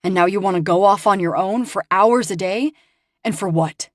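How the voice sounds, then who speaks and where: A woman's voice: medium pitch, normal speed, dry recording, clean studio sound, natural voice. A woman voicing a brooding, protective, hot-tempered young man in an audiobook, blunt and bossy. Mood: angry. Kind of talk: audiobook character reading.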